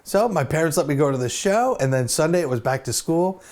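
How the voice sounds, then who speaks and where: Man telling a story with animated quotes. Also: a little high, brisk. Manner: animated, laughs often, acts out quotes. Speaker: host. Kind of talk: casual storytelling to camera.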